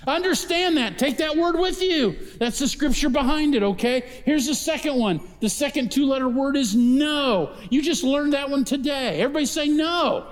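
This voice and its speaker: High-voiced preacher in an echoing hall. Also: male voice, lively intonation, moderate pace, hardly any pauses. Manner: emphatic preaching, rising to loud calls for the congregation to answer. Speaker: pastor. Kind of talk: sermon. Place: church auditorium. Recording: long reverb of a large hall.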